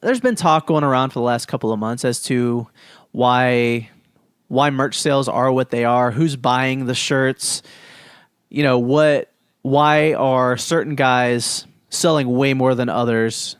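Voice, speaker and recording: A man's voice: medium pitch, measured pace, smooth, no room sound. Guy cohosting a podcast, chill matter-of-fact talk, middle voice, dry close sound. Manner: steers the topics, laid-back and matter-of-fact. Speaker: podcast co-host. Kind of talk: casual podcast chat.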